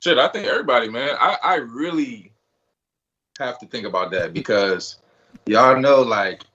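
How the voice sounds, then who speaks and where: A man's voice: medium pitch, animated, moderate pace, sharp tone. A man on a talk panel, speaking bluntly and casually with slang. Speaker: guest panelist. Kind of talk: casual discussion. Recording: slightly dull audio.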